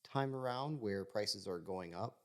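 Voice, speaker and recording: A man co-hosting a podcast, chatting in a measured, matter-of-fact way. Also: fairly low pitch. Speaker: podcast co-host. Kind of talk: casual chat.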